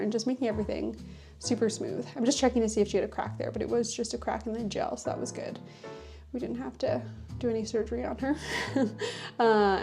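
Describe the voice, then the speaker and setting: A woman's voice: medium pitch, mellow. A woman nail technician narrating a tutorial voice-over in a chatty, casual way, with lots of fillers.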